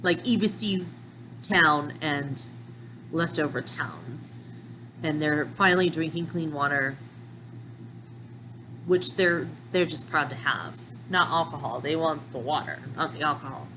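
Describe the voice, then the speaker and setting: Woman, manga reaction host, unhurried, measured, thinking aloud, faint background hiss. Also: low voice, pushed and bright, low-quality recording. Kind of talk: reading manga aloud with commentary.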